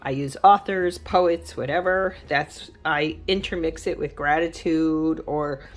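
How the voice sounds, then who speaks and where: A woman's voice: low-pitched, fairly even intonation, measured pace. A woman hosting a journaling channel, talking in a chatty, rambling way with lots of asides and fillers while she decorates a journal at her craft desk. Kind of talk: casual craft vlog chat.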